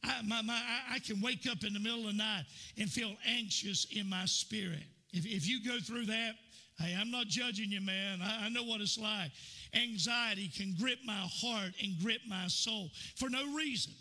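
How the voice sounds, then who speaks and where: A man's voice: sits high, moderate pace, pushed and bright. A man preaching a sermon in a church, telling folksy stories full of fillers and repeats. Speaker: pastor.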